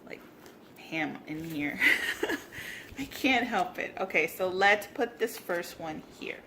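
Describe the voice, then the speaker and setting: A woman vlogging a casual craft tutorial, gushing and bubbly, at times dropping to soft whispers. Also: fairly low pitch, animated, a little slow, a little hiss or hum.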